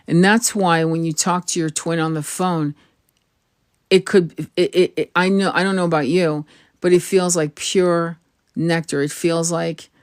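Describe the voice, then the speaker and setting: A woman's voice: fairly low pitch, dry recording, studio quality. A woman tarot reader giving an earnest spiritual advice monologue, frank and casual, swearing now and then and often restarting her phrases.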